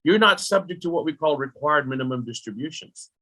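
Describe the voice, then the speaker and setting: A middle-aged man explaining retirement planning as a podcast guest, lively and full of rhetorical questions aimed at the listener. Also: on the high side, fairly quick. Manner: animated, rhetorical questions, talks directly to the listener.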